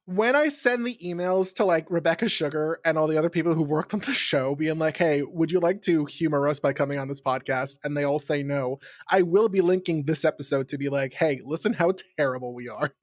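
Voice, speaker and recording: Podcast co-host, mid-pitched voice, brash and joking, swears a lot, dry sound. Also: fairly quick, no echo. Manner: joking, brash, swears freely, sudden loud outbursts. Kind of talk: casual podcast chat.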